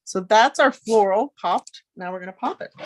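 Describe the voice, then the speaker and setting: Here a middle-aged woman demonstrates a craft at home in an easygoing, chatty way, thinking aloud as she goes and adding friendly side comments. Her pitch is medium and her speed normal.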